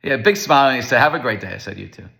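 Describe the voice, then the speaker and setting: A man giving a casual Torah lecture, animated and storytelling, acting out the voices of the people in his stories. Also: medium pitch, very fast, creaky.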